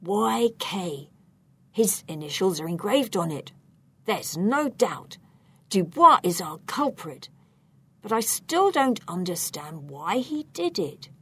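A woman reading aloud, voicing a calm, matter-of-fact man who helps the narrator search a house. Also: medium pitch, slow, breathy edge, exaggerated voice. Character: man, the narrator's loyal sleuthing companion. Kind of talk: read-aloud storybook.

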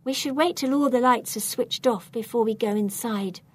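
A woman voicing a calm detective sidekick. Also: on the high side, moderate pace, slightly rough. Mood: matter-of-fact. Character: man, the narrator's loyal sleuthing companion. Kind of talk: read-aloud storybook.

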